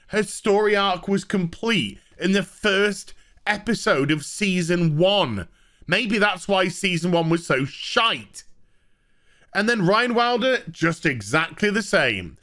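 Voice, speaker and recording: A man's voice: sits high, expressive, takes it slowly, fairly bright tone. A man giving a sarcastic, profane TV review rant. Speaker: host. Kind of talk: ranting TV review.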